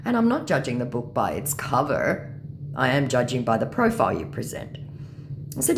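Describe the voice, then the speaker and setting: A woman recounts an online exchange in a blunt, scornful tone, full of sarcasm. Her voice is low but very lively, swinging widely in pitch. A faint background hiss sits under the recording. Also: brisk. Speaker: scambaiter narrating her chat. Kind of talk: casual storytelling narration.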